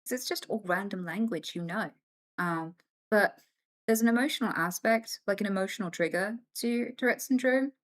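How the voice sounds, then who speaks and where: A woman's voice: medium pitch, normal speed. A woman live streamer in casual chat, answering viewer questions candidly and acting out other people's voices as she tells stories. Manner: animated storyteller who acts out other voices; candid, swears freely.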